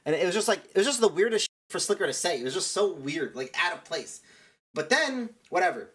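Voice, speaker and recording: A man's voice: high voice, big pitch swings, a little fast, fairly bright tone. A young man streamer telling a rambling story in casual chat, full of "like" and restarts.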